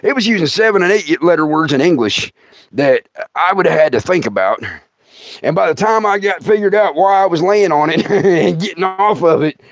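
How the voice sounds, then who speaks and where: A middle-aged male comedian spins a tall tale on a livestream, laughing as he goes. His voice is fairly high for a man and swoops widely up and down as he talks to his listeners. The sound is close and dry. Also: moderate pace, no room sound, dull audio. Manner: animated, laughs through his own story, talks to the audience. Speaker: comedian and podcast host. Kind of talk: comic storytelling.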